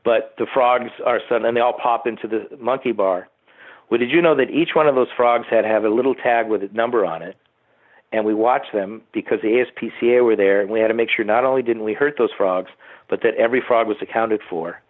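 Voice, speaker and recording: A man's voice: medium pitch, steady tone, fairly quick. A man, a TV producer being interviewed, rambling through behind-the-scenes anecdotes with asides to the host. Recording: tinny phone-like line.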